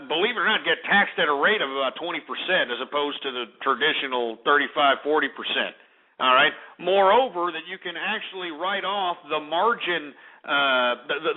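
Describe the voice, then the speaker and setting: A man hosting a call-in radio show, ranting brashly and insulting his callers. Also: on the high side. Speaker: radio talk show host. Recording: narrow phone-like radio audio.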